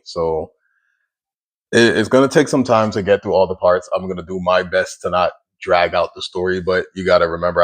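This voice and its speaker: A man in his thirties telling his personal testimony in a casual, conversational way, with plenty of fillers, restarts and slow reflective pauses. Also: sits low. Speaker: single dad sharing his testimony.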